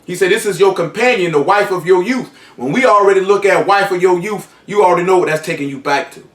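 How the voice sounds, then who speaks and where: Echoey, distant preacher, raised voice. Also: male voice, sits high, fast, a bit bright. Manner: reads scripture aloud, then explains it in loose colloquial speech. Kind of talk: sermon.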